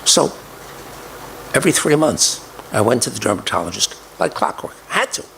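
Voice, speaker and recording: An older man recounting a personal story, deliberately repeating key details for emphasis. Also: mid-range voice, very animated, vocal fry, a bit bright, a little hiss or hum, low-quality recording. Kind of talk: storytelling speech.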